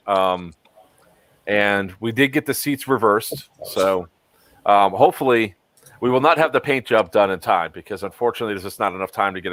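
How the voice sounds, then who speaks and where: Low, rambling man hosting a stream. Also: fairly bright tone, no room sound. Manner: rambling, with frequent ums. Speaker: stream host. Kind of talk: casual chat.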